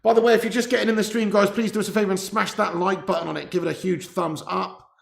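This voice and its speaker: A man's voice: high voice, fairly even intonation, fast talker, vocal fry. A man hosting a live football watch-along, chatting casually, laughing often and reading out viewer messages, on a mic placed far away. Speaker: live stream host. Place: room indoors. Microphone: laptop mic set far away with gain turned up. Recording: echoey room.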